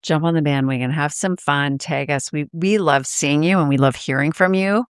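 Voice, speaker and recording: Woman co-host, lowish voice; warm agreement, light teasing; dry booth. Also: normal speed, smooth, no room sound. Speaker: podcast co-host. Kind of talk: casual chat.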